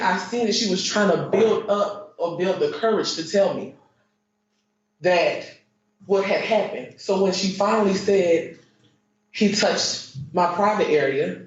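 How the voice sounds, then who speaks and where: Halting woman witness in echoey court. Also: medium pitch. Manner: halting, repeats herself, many fillers. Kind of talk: courtroom testimony. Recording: echoey muffled courtroom stream.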